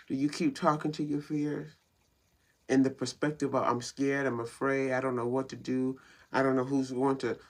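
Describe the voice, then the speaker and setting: A woman giving a motivational talk laced with scripture. She preaches in a repetitive style and often stumbles and repeats words. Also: rumbling low. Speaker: motivational speaker and show founder.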